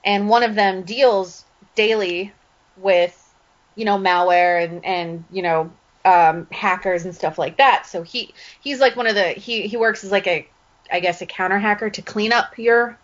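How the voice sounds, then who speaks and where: A woman co-hosting a podcast, telling a story in a lively, laughing way. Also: mid-range voice, measured pace. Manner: animated storytelling with frequent laughs. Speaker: podcast co-host. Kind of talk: casual chat. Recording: dull lo-fi audio.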